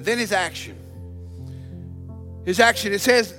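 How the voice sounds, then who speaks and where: A male pastor preaching a sermon to his congregation, emphatic and calling out to them, swinging between loud declarations and hushed asides. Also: very high voice, big pitch swings, moderate pace, long pauses, faint music behind. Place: church sanctuary.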